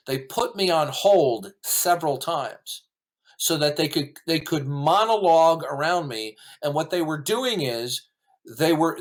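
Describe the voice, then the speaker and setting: A man arguing combatively on a podcast, indignant and full of rhetorical questions. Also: fairly high pitch. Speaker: caller recounting a call-in debate. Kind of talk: argumentative podcast talk.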